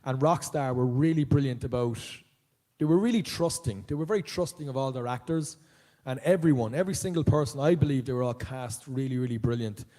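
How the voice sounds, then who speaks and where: An Irish man, a voice actor answering fan questions at a live convention panel, telling stories in an animated way. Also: mid-range voice, a little fast. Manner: animated storyteller, jumps into voices of others. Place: large auditorium, live.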